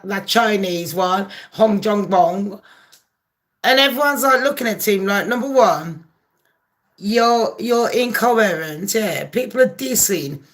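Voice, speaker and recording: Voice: mid-range voice, pushed and bright. A host from England, ranting angrily about politics to camera, swearing constantly and firing off rhetorical questions. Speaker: channel host. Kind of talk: profane political rant to camera.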